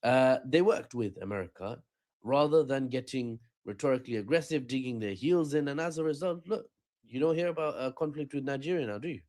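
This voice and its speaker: A man delivers a commentary on world affairs in a video clip. His voice has an ordinary middle pitch. He talks in a wry, half-joking way, with frequent asides. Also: brisk, darkish tone. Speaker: online commentator.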